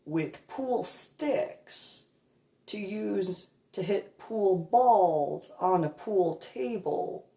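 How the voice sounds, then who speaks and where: A woman's voice: on the low side, mellow, echoey room, slight background noise. A woman telling a comedic story in a sarcastic, giggly, mock-patient manner. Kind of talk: comedic anecdote monologue.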